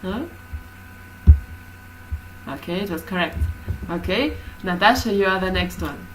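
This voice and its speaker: A woman teaching a class in a slow, unhurried way, often pausing on fillers. Her voice sits a little low, with faint noise behind it. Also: lively intonation, a bit bright, low-quality recording. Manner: hesitant, many fillers. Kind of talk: classroom lesson explanation.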